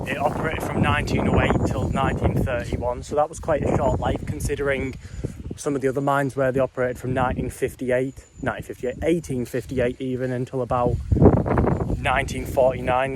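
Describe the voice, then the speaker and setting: Exploring old ruins on a windy hillside, a young man gives chatty, rambling commentary while walking, slightly breathless and dropping frequent ums and whatnots. He speaks briskly, at medium pitch with little pitch movement, captured by noisy outdoor camera audio.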